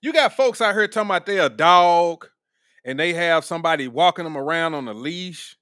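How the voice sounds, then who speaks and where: Man, casual reaction commentary, animated, profane, bright edgy voice. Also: a little high, a little fast, clear, resonant tone, no echo, clean studio sound. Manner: blunt, profane, animated, laughs often. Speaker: commentary host.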